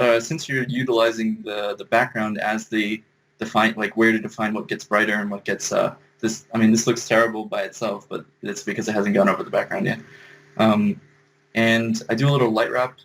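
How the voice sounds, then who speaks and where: A man's voice: on the low side, fairly bright tone, slight background noise, rough recording. A man giving a casual screen-share compositing tutorial, thinking aloud as he explains each step. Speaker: compositing instructor.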